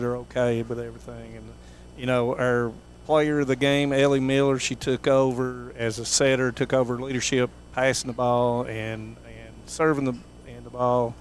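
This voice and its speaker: A man commentating local high school sports in a folksy, rambling way, with many fillers and restarts. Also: a little hiss or hum.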